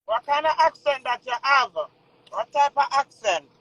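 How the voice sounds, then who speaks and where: A woman hosting a live stream, relaxed, playful and chatty. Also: sits high, moderate pace, dry recording, rough recording. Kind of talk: casual live stream chat.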